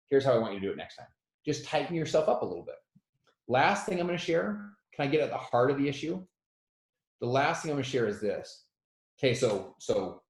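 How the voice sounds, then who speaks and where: A man in his thirties telling a personal story as a motivational speaker, animated and self-deprecating, who acts out the quotes loudly. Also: medium pitch, reverberant, low-quality recording. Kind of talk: storytelling talk.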